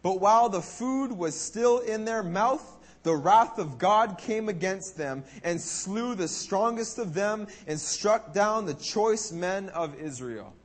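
High-voiced animated male preacher. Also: slow pace, hardly any pauses. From Canada. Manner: animated preaching, voices God and the Israelites in quotes. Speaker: pastor. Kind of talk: sermon.

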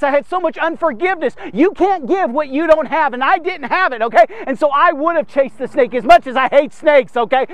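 A fervent male preacher with a very high-pitched voice delivers a devotional sermon straight to his listeners. His speech is emphatic and urging. The sound is close and dry, with no room around it. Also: a bit bright, dry recording. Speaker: preacher and podcast host.

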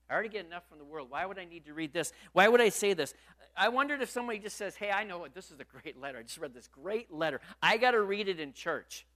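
A man's voice: high-pitched, bright, forceful tone. A male pastor preaching a sermon in church, emphatic and full of rhetorical questions.

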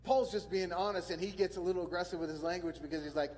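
Pastor, male, fairly high voice, earnest sermon delivery with lots of repetition, long hall reverb. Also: a little fast, a little mellow. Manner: earnest, repeats words and phrases for emphasis.

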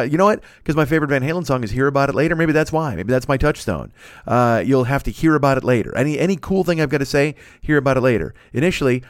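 Around forty and alone indoors at night, a man hosts a solo podcast, rambling through self-deprecating jokes and profanity at his microphone. His medium-pitched voice is captured on a studio mic with studio quality and no room sound.

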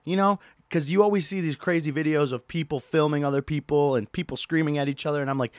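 A man hosting a podcast, telling a story casually, animated and profane with laughing asides. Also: on the high side, quick pace, few pauses, no room sound, studio quality. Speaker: podcast host.

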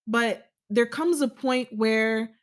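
A woman vlogger telling a story to camera in a casual, measured way, with frequent fillers and self-corrections. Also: on the high side.

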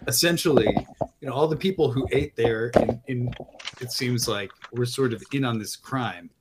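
A man's voice: medium pitch, moderate pace, heavy background noise. A man hosting a comedy podcast, talking in casual chat with a hesitant, rambling delivery. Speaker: podcast host.

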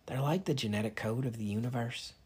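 A man doing a hushed young warrior woman. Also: medium pitch, a little fast, breathy edge. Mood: whispered. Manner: hushed, matter-of-fact. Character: young female warrior, whispering asides.

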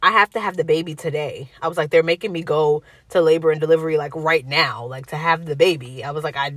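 A woman's voice: low-pitched, fast, dry recording. A young woman telling a personal story in casual chat, acting out the voices of the people she quotes. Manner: animated, acts out quoted voices.

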